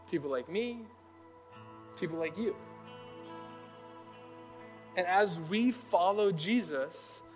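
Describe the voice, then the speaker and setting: High-voiced young man preaching casually. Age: young adult. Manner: chatty, animated, acts out quoted voices. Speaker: pastor. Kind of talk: casual conversational sermon.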